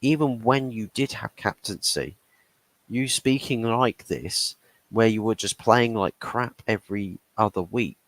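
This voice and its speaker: A low-voiced man hosts a football chat, ranting casually and acting out players and managers in quick bits of dialogue. He restarts his sentences often as his points tumble out. The sound is close and dry. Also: dry recording. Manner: animated, acts out quoted dialogue, frequent restarts. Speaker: football channel host. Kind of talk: casual chat, opinionated rant.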